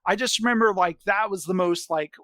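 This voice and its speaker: A man hosts a podcast, chatting casually and telling stories with enthusiasm and animation. His voice sits high and moves briskly, with no echo in the recording.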